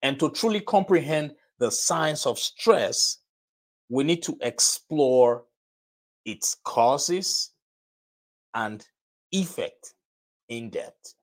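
A man hosting a live broadcast and podcast, giving a motivational talk in a deliberate, repetitive way that leans on key phrases. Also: medium pitch, lively intonation.

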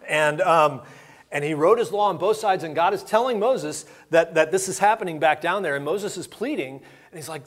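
A man's voice: fairly high pitch, moderate pace. A man preaching a sermon in a conversational, storytelling way, acting out the lines of the people in his stories. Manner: conversational storytelling with acted-out dialogue. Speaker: pastor.

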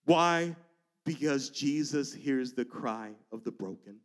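A male pastor telling a personal story in a church sermon, swinging emotionally between soft asides and loud declarations. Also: medium pitch, lively intonation, slow.

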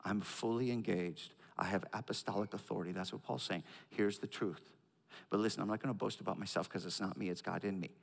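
A man's voice: steady tone, a little fast, creaky. Man preaching in an echoing hall. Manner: swings from loud emphatic highs to low quiet asides; repeats words when building a point. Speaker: pastor. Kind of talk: sermon. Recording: long hall reverb.

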